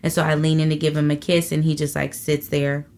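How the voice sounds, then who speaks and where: A woman comedian guest in a casual interview, telling stories in an animated, profane way and acting out quotes. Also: low-pitched, fairly quick.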